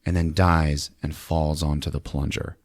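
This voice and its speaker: A man hosting a podcast who recaps a movie in casual, animated speech, swearing and acting out the scenes. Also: extremely low pitch, a little slow, background noise. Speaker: podcast host. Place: podcast studio.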